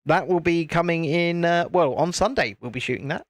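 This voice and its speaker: A man's voice: fairly high pitch, moderate pace, no echo, clean studio sound. A British man hosting a live stream, chatting casually and answering viewer comments. He is jokey, laughs often and restarts his sentences.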